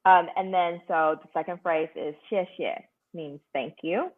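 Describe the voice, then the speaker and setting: Low-voiced young woman on a tinny line. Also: fairly even intonation, moderate pace. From Taiwan. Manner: explains patiently, laughs often. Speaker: guest teaching culture. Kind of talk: casual podcast chat. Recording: tinny phone-like call audio.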